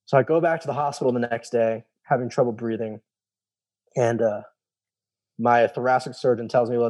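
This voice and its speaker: There's no echo on this recording of a young adult guest with a mid-range, slightly mellow voice. He rambles casually through his own story and repeats what people said to him, saying "he's like."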